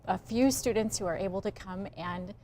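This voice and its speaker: A woman university chancellor speaking in an articulate, earnest way, at a medium pitch. Faint ambient noise sits under her interview answers. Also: moderate pace, warm tone.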